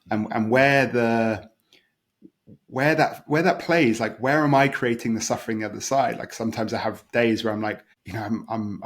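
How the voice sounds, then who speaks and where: A man hosting a podcast, talking candidly and searchingly, stumbling and repeating words as he thinks out loud. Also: medium pitch. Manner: candid and searching, with many stumbles and soft laughs. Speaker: podcast host and coach. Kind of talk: open conversational chat.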